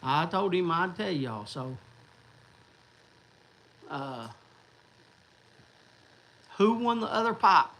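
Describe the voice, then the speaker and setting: A man chats loosely with his viewers, wandering from one thought to the next. His voice sits fairly high and has a gravelly fry. It sounds bright, with a faint hum of room noise behind it. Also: sing-song, takes it slowly, pauses often, low-quality recording. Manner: rambling, chatty, restarts and fillers. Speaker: livestream host. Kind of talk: casual livestream chat.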